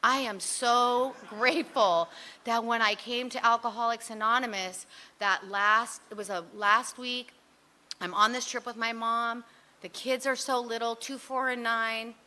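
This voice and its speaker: A woman's voice: on the high side, steady tone, unhurried, bright, forceful tone. A woman telling her own recovery story at a meeting, candid and rambling, mocking herself and leaning on "you know" and "like". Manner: frequent fillers like "you know" and "like". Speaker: speaker sharing at a recovery meeting.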